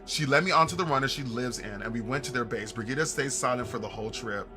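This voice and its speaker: A man's voice: medium pitch, animated, brisk, sharp tone, faint music behind. A young man streaming a game, reading its dialogue aloud, joking with chat and laughing often. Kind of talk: casual let's-play commentary.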